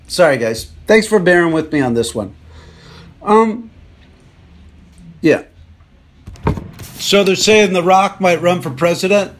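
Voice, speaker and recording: Guy hosting a podcast, rambles and rants for laughs, kinda high voice. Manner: rambling, jokey ranting asides. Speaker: podcast host. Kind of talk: casual comedic monologue.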